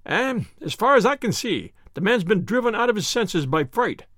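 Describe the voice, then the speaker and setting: A man's voice: high-pitched, very animated, moderate pace, fairly bright tone, no echo, clean studio sound, voice pushed up, full character voice. A man voicing a hearty, blustering male police inspector who speaks emphatically. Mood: reporting.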